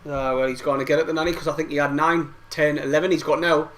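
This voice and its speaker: A man's voice: on the high side, fairly even intonation, fast talker, a bit bright. A young man reacting to a football match live, frustrated and swearing, full of banter. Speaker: football fan streamer. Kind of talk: live match watch-along commentary.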